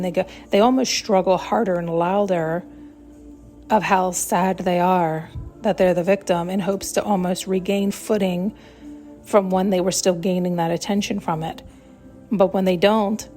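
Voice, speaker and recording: A woman's voice: fairly low pitch, a little mellow. A woman hosting a solo spiritual podcast, talking in a searching, emphatic way and now and then acting out the voices she quotes. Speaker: podcast host.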